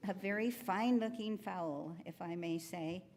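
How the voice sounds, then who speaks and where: A woman's voice: on the low side, a little slow, a little mellow, a little hiss or hum. A woman voicing an exceedingly polite male farm pig with a formal, courteous manner. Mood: courtly.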